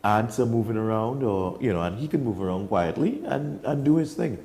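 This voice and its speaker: A man, talking as a wildlife guest in a casual studio chat, animated and emphatic. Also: lowish voice, brisk.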